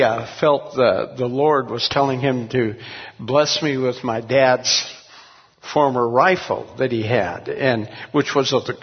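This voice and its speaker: An older man who is a pastor, telling his story earnestly, halting with many restarts. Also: mid-range voice, husky. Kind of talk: testimony in an interview. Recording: dull recording in a long-echo room.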